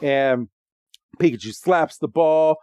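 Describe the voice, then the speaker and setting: Higher-voiced man recapping a show. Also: slow, clear, resonant tone, no room sound. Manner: animated recap, doing squeaky character voices. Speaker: podcast co-host recapping episodes. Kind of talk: casual chat.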